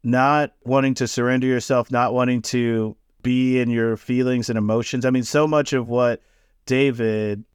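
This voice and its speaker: A man's voice: mid-range voice, steady tone, moderate pace, clear, resonant tone, dry recording, studio quality. A man co-hosting a casual book discussion who talks thoughtfully, with many "like" and "you know" fillers. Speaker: podcast co-host.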